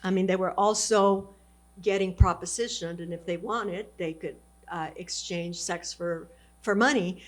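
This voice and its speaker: A woman's voice: fairly low pitch, fairly even intonation, measured pace. Woman, 70s, from Texas. Earnest, encouraging storyteller at a fireside chat. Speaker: alumna guest speaker.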